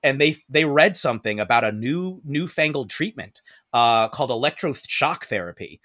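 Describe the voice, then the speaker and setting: A man hosting a podcast, telling a story in a casual chat and acting out the quoted lines in high voices. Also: animated, moderate pace, a bit bright. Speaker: podcast host.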